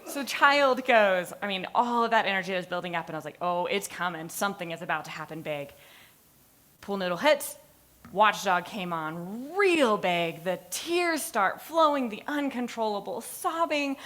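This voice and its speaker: A woman giving a class presentation, telling stories with energy, acting out moments and laughing at herself. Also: mid-range voice. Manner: animated storytelling, acting out moments; laughs at her own stories. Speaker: student presenter. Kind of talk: lively capstone presentation.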